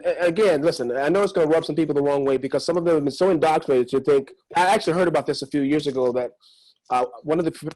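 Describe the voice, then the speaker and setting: A man's voice: on the high side, darkish tone, poor audio. A man hosting an interview who reacts eagerly and talks with many restarts and repeated words. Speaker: interview host. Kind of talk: casual interview talk.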